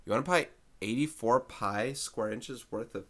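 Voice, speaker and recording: A man's voice: mid-range voice, moderate pace, fairly bright tone. A man teaching a recorded math lesson, thinking aloud in a loose, conversational way and correcting himself as he works through a problem.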